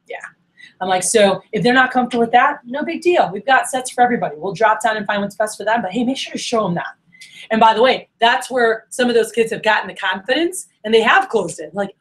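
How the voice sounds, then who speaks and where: A young woman runs a training session for sales managers. She talks casually and with energy, slipping into quick impressions of her reps and of herself. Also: a little high, low-quality recording. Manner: animated, acts out quoted dialogue. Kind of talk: training workshop talk.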